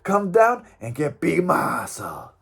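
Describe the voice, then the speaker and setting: A man's voice: on the high side, wildly swooping pitch, slow pace, creaky, a bit bright, slightly rough, exaggerated voice. A man voicing a boastful macho gym owner in a mock ad, with a put-on Mexican accent and broken English. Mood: bragging. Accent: put-on Mexican Spanish accent. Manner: broken English, bragging, hammy. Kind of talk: mock radio ad.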